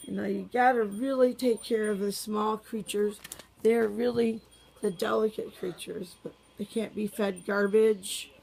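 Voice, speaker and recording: Woman, casual home pet video, sing-song coaxing, gravelly and unhurried. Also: medium pitch, steady tone, a little mellow, slight background noise. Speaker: pet owner filming her animals.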